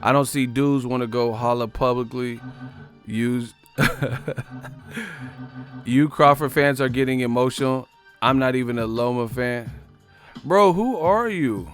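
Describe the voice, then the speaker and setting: A man's voice: a little slow, long pauses. Male live stream host, slangy and mocking, talking over faint music. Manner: animated, mocking, slangy, mimics commenters in high voices. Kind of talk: casual live stream chat reading comments.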